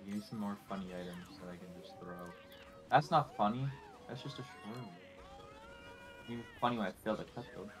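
A young man chatting casually while racing in a video game, excitable, swearing often and breaking into laughter. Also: fairly low pitch, fairly quick, long pauses, music in the background. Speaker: gamer.

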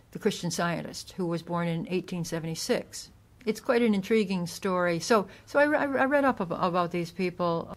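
A woman with a fairly low voice speaks as an author guest in a casual interview. She explains history at length, sometimes restarting her sentences as she goes.

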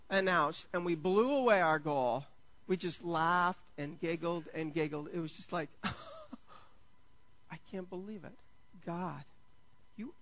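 A man preaching a sermon in a bright, high register, dry and close with hardly any room sound. He jokes at his own expense, trips over restarts, and climbs into excited bursts of enthusiasm. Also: no echo, poor audio. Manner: jokey, enthusiastic preaching that builds to excited peaks; self-deprecating, with stammered restarts. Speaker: pastor.

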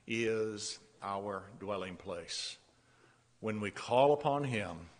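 A man preaching a sermon with a halting delivery, repeating words as he goes and laughing softly between points. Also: on the low side. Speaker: pastor. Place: church sanctuary. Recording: long church-hall reverb.

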